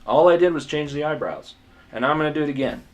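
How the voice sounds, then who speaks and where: A man's voice: on the high side, expressive, quick pace. A man giving a casual drawing tutorial as he sketches, rambling, muttering asides to himself, self-mocking and swearing now and then. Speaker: art tutor.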